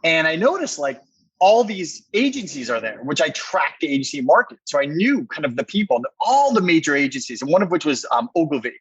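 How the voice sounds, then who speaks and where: A man with a husky, slightly rough voice tells a story as a podcast guest. He is excited and rambling, with fillers scattered throughout. The recording sounds a little dull and muffled. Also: on the high side, a little fast. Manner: excited, rambling, heavy use of "like". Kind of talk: animated storytelling in conversation.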